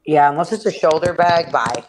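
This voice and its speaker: A laid-back woman on a gossip podcast chats in loose slang. Her voice sits a little low. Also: normal speed, a little hiss or hum. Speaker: podcast co-host. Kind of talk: casual chat.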